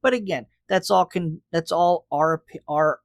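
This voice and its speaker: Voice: mid-range voice, normal speed, vocal fry, no echo. Analytical podcast co-host, dry sound. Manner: analytical, lays out theories with hedging. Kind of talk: casual recap chat.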